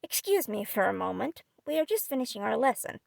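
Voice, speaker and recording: Woman reading as a dignified elderly gentleman. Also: on the high side, big pitch swings, fairly quick, gravelly, no room sound, studio quality, full character voice. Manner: dignified, unruffled.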